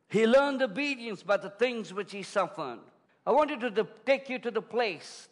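Man preaching, high voice, long hall reverb. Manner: dramatic preaching, swings from shouting to hushed. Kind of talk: sermon.

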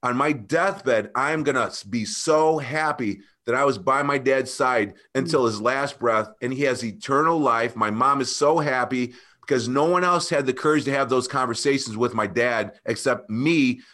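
A man guest telling an emotional personal story, earnest and animated, often calling the host by name. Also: medium pitch, normal speed, hardly any pauses. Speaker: podcast guest.

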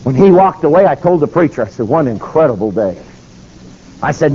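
A man's voice: fairly quick, slightly rough. A man preaching, telling a story and acting out the quotes. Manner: animated, acts out quotes with shifting pitch. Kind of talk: sermon storytelling. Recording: slightly dull recording with faint noise.

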